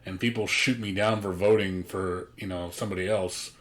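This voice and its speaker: A man's voice: sits low, fairly even intonation, moderate pace, a bit bright. A man streaming a game, chatting casually with a blunt, profane, ranting manner. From United States. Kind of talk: casual chat.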